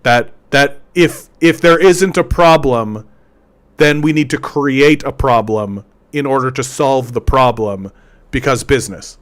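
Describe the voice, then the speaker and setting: A man's voice: medium pitch, unhurried, fairly bright tone. A man hosting a political commentary show, ranting sarcastically and stumbling over repeated words. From Canada.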